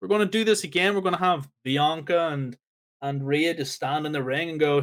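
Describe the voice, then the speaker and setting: A man with a slightly high voice rants his way through a casual podcast chat. He talks emphatically and sounds exasperated, climbing higher whenever something strikes him as pointless. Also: brisk, fairly bright tone. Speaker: podcast co-host.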